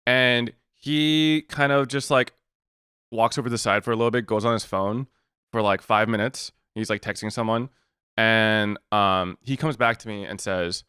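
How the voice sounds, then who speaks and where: A man's voice: fairly low pitch, moderate pace, smooth, no room sound. Man telling a story, dry close mic. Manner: animated retelling, acts out both sides of the exchange; frequent swearing, exasperated. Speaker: podcast co-host. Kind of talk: casual storytelling chat.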